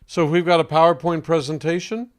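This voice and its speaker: A man with a somewhat higher voice explains ideas to an interviewer as a voice coach. He speaks with deliberate emphasis and leaves pointed pauses. His tone carries a trained singer's control. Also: level tone.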